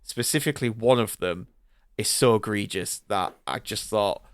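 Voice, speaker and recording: On a podcast he co-hosts, a man chats casually about a film, animated and swearing freely while often mimicking characters. His voice is on the low side and moderately paced, recorded in studio quality with no room sound.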